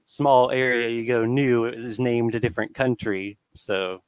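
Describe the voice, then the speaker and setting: A man in a casual online chat who muses aloud in a measured way. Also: medium pitch, fairly even intonation, smooth, no room sound, dull audio.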